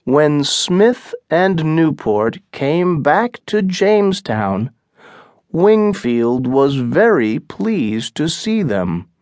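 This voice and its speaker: Give me a man narrating an audiobook, slow and clear, recorded dry. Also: fairly high pitch, big pitch swings, a little mellow, no echo. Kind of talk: scripted narration.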